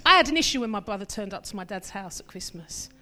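A woman preaching a sermon in a lively, conversational way, mixing scripture with humorous personal asides. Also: mid-range voice, fast talker.

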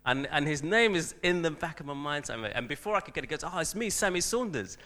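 A man's voice: on the high side, animated, racing, pushed and bright. A man, a teacher, telling a self-deprecating story in a church talk, with frequent restarts.

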